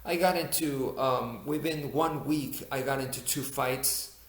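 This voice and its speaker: A man's voice: medium pitch, unhurried. A man tells an old personal story in a loose, rambling way, full of fillers, restarts and self-mocking asides. His voice bounces around a noticeably echoey room. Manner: rambling, many fillers and restarts, laughs at himself. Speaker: YouTuber telling a personal story. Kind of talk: casual storytelling to camera.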